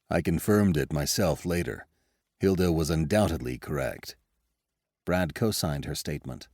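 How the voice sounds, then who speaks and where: A man narrating an audiobook in first person, with lively, expressive storytelling on a close studio mic. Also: extremely low pitch, moderate pace, dry recording.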